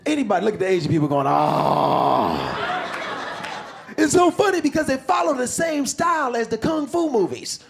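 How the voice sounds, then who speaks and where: A middle-aged male comedian doing a loud, animated stand-up set on a club stage, shouting punchlines. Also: extremely high pitch, quick pace, few pauses. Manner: loud, animated delivery with frequent laughs and shouts. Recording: live club with crowd and noise.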